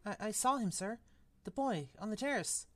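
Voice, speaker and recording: A woman voicing an eager, nervous young boy apprentice who stammers quietly and hurries his words. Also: medium pitch, animated, moderate pace, voice pushed up, close to an everyday voice.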